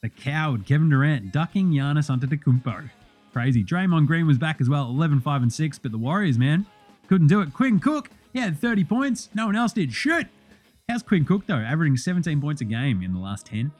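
Man, Australian accent, young adult, sports recap host, profane, jokey, slightly high pitch, faint guitar behind. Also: expressive, brisk, a little mellow. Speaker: podcast host.

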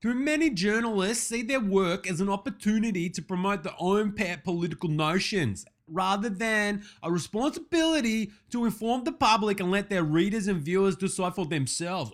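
A man with a fairly high voice runs a satirical comedy monologue as a show host. He sounds brash, crude and pleased with himself, and drops sarcastic asides under his breath. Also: moderate pace, hardly any pauses. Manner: brash, crude, smug and self-congratulating. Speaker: comedian doing an impression as a web show host.

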